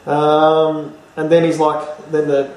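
A man's voice: fairly high pitch, completely flat delivery, slow, a little mellow, a little hiss or hum. Man telling a story in a roomy space. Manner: rambling, with many fillers and restarts. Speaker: interview guest. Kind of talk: casual storytelling. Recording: roomy, distant mic, faint ambience.

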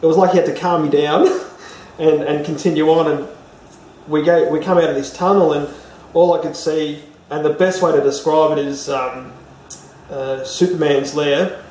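A man's voice: a little high, fairly even intonation, moderate pace, darkish tone, a little hiss or hum. A man, an interview guest, telling a personal story casually and rambling, with many fillers and restarts. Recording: roomy, distant mic, faint ambience.

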